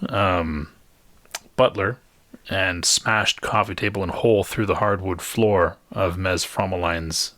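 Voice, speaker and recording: A man narrating a tabletop game as game master, slow and wry, with puns and chuckles. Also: deep voice, fairly bright tone, no room sound.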